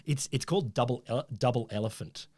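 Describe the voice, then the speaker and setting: A man's voice: mid-range voice, fast talker, noisy background. A middle-aged Australian man co-hosting a casual science podcast, telling a story in a rambling, self-correcting way.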